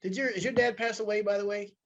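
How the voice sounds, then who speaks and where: Guy hosting a relaxed chat, kinda high voice, mostly short reactions. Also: fast talker, dull audio, a little hiss or hum. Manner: brief reactions and wrap-up remarks. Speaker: host. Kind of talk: casual chat.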